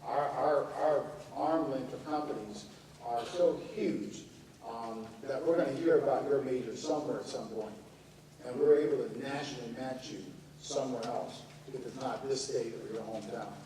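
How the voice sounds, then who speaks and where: A man's voice: medium pitch, moderate pace, background noise. A middle-aged man, a company CEO, giving a conversational storytelling speech to students. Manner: storytelling, conversational, some restarts. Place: university lecture hall. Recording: echoey hall, distant mic, audience. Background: audience.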